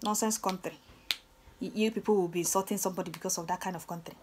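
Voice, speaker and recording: A woman's voice: lowish voice, fairly even intonation, fast talker, darkish tone, slight background noise. A young Nigerian woman with a Nigerian accent, hosting her own channel and ranting scornfully, repeating herself with lots of "eh"s and stammered restarts. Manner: scornful, repetitive, stammers with many "eh"s. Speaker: channel host. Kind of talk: ranting commentary vlog.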